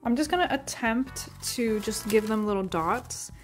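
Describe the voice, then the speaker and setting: A woman's voice: on the high side, moderate pace, faint music behind. A young woman in her twenties chatting her way through a home cooking vlog, rambling and self-deprecating, with lots of "like" fillers. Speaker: cooking vlogger. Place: home kitchen.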